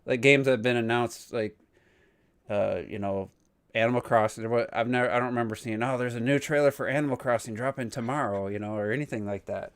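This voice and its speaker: A man hosting a casual gaming podcast, rambling and restarting his sentences as he trails off softly. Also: medium pitch, fast, clean tone, no echo. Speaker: podcast host.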